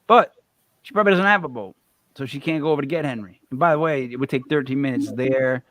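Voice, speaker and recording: A man hosting a podcast in casual chat, animated and swearing freely. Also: mid-range voice, fast, dry recording. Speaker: podcast host.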